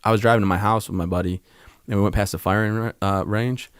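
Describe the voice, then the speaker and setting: A man in his thirties tells his stories fast and with energy, with a fairly low voice. He acts out the people in them and keeps laughing. The sound is close and dry. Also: fairly even intonation, clean tone, no room sound. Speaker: guest. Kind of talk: casual storytelling.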